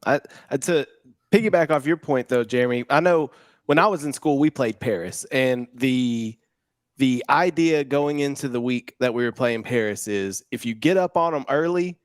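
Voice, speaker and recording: A man's voice: medium pitch, normal speed, no room sound. Dry-sounding man in his thirties. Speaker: sports show co-host. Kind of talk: casual sports talk.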